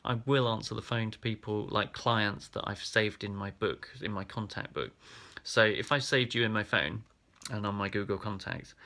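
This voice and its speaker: This vlogger, a man from England's Black Country, has a fairly low, gravelly voice with a sharp edge. His self-reflective talk is casual and halting, peppered with ums and restarts.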